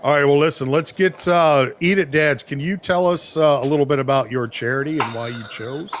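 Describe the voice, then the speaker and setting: A man co-hosting a cooking livestream, asking contestants questions in a relaxed, joking way. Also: fairly high pitch, a little hiss or hum. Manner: slow, lively, casual swearing. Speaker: co-host. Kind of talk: casual livestream chat.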